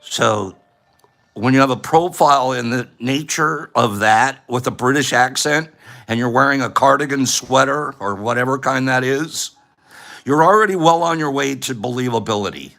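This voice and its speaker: A man's voice: medium pitch, normal speed, creaky, fairly bright tone. A man hosting a casual livestream, playful and laughing often as he reads viewer comments aloud. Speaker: livestream host. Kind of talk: casual chat.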